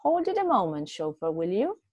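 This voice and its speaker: A woman's voice: mid-range voice, sing-song, a little fast, a little mellow, dry recording, muffled recording. A woman reading a testy, fussy old husband. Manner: testy, commanding. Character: fussy, controlling elderly husband.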